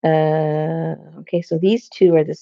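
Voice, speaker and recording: A woman's voice: deep voice, flat delivery, unhurried, highs cut off. A woman hosting a casual crafting video, rambling and talking to herself as she hunts through her supplies, standing indoors in her craft room. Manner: rambling, talks to herself while searching. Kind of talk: casual chat while crafting.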